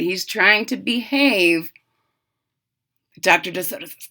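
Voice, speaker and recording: A woman teacher reading a picture book aloud to children, expressive, with chatty asides to the class. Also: lowish voice, a little slow.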